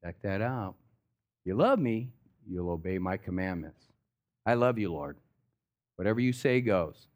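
Animated man preaching a casual sermon. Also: sits low, measured pace, long pauses. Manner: lively preaching, casual slang, acts out stories. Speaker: pastor.

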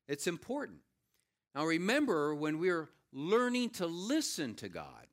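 A middle-aged man preaching a sermon as pastor, swinging from raised, emphatic lines to low, quiet asides.

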